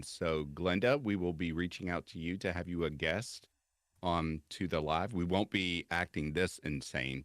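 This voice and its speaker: A laid-back male co-host chats with the viewers and laughs easily. His voice is very low, and the sound is close and dry. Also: a bit bright, dry recording. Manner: laughing, easygoing, chatty. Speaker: co-host, story narrator. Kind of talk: casual livestream chat.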